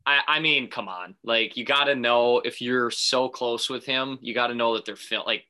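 A man co-hosting a casual sports talk show, telling a made-up phone call with animated put-on voices. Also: mid-range voice, moderate pace, clean tone. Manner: animated storyteller, acts out phone calls. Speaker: podcast co-host.

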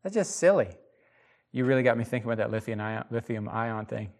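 A man teaching the Bible in a casual podcast chat, animated and emphatic, with frequent restarts. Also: on the low side, fast, vocal fry.

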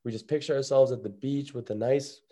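A man co-hosting a casual sports podcast, joking and rambling, often dropping his voice low. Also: steady tone, brisk. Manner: jokey, rambling, drops to a hush. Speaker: podcast co-host.

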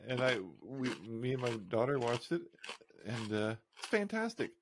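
A man co-hosting a casual podcast, chatty and animated, telling stories with bursts of excitement. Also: medium pitch, normal speed, background noise. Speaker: podcast co-host. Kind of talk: casual chat.

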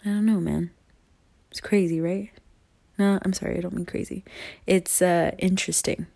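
A woman's voice: lowish voice, fairly even intonation, moderate pace, creaky, warm tone, no echo. A young woman talking straight to her viewers in a rambling, earnest way, laughing often and swearing casually. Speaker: vlogger.

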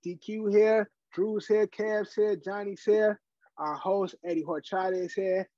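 A man with a high voice co-hosting a casual sports podcast. He sounds hyped and keeps repeating himself. The recording is dry and slightly muffled. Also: fairly even intonation, a little slow, mellow, no echo. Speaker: podcast co-host.

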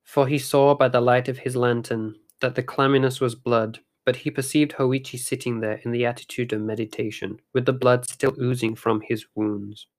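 Male storyteller; measured, dramatic reading of a ghost story. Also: mid-range voice, little pitch movement. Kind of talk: storytelling narration.

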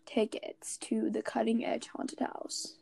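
A young woman co-hosting a podcast, telling a story in an animated, self-mocking way. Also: a little high, slow pace, creaky, husky. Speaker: podcast co-host. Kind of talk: casual chat.

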